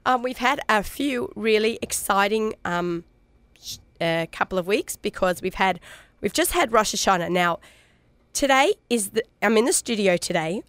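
A middle-aged woman with an Australian accent, nasal and a little raspy from a head cold. She chats brightly as a radio food show host, recorded close and dry in a studio with no room sound. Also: mid-range voice, no echo. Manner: chatty, upbeat, with fillers and laughs. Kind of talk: casual radio food talk. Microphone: studio microphone.

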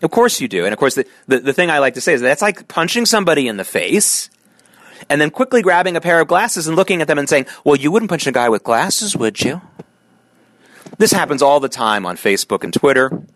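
A middle-aged man talks alone into a close mic, hosting his own podcast. His voice drops low and tired, then jumps up sharply for emphasis. The room is dry, with no echo. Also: fast talker. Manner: animated, swings from low tired tones to sharp emphatic peaks. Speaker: podcast host. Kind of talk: solo podcast monologue.

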